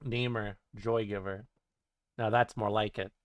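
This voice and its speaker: A man streaming live reads chat aloud, joking with lots of swearing and laughter. His voice is lowish, smooth and steady, a little slow, in a dry recording.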